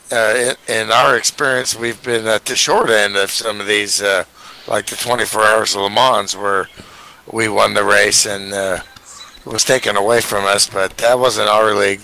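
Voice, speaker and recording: A man's voice: on the low side, bright, forceful tone. A man co-hosting a live racing broadcast, talking in a rambling, casual way. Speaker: co-host.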